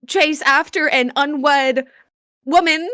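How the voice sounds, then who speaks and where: A woman playing her character in a tabletop game, answering with indignant, sharp comebacks. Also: sits high, fairly even intonation, slow, no echo, clean studio sound. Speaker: player.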